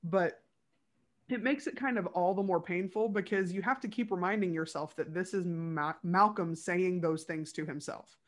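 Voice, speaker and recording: A woman's voice: lowish voice, moderate pace. A woman co-hosting a podcast, chatting casually and enthusiastically about a TV episode, with lots of "like" fillers. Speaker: podcast co-host. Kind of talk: casual fan chat reviewing a TV episode.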